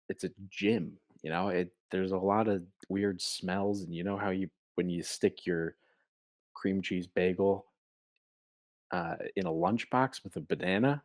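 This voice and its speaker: A young man with a deep, low voice co-hosts a comedy podcast, chatting casually and spinning long, playful stories that ramble. The audio is dry and close, with no room echo.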